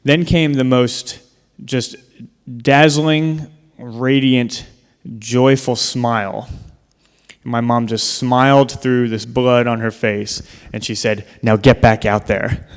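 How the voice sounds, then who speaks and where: A man's voice: medium pitch, clear, resonant tone. A man giving a public talk in a large hall, telling a personal story in an earnest way with touches of dry humor. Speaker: speaker. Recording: long hall reverb.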